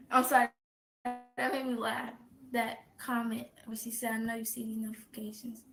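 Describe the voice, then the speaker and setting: A teenage girl answering viewer questions on a live stream, speaking quietly and at times whispering. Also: fairly high pitch, level tone, moderate pace, creaky. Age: teens. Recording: echoey room with faint background noise.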